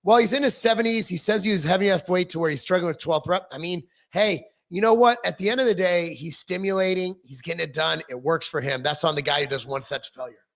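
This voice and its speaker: A man's voice: high-pitched, fast, hardly any pauses, fairly bright tone. A middle-aged man hosting a casual livestream, reading viewer comments aloud and answering them in a rambling, self-deprecating way with frequent ums and restarts.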